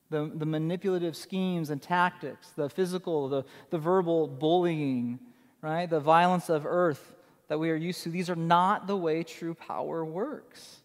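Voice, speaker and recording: A man's voice: on the high side, big-room sound. A man preaching a sermon as pastor, emphatic and conversational, repeating his key phrases for effect.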